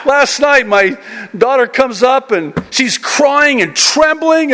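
A man in his forties preaching a sermon as pastor, lively and animated, rising high and loud as he gets excited. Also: takes it slowly. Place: church sanctuary during a service. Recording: long reverb of a church hall.

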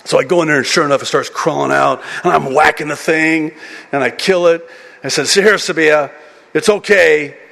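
Pastor guy in his 40s giving a sermon, kinda high voice, gets loud and animated, long church reverb. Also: a little fast, vocal fry. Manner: animated, climbs high and loud when excited. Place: church sanctuary during a service.

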